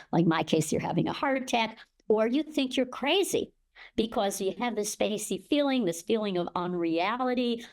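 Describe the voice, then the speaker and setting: A woman's voice: mid-range voice, a little mellow. An older woman as an interview guest, explaining panic and breathing, sometimes acting out gasps to show the pattern.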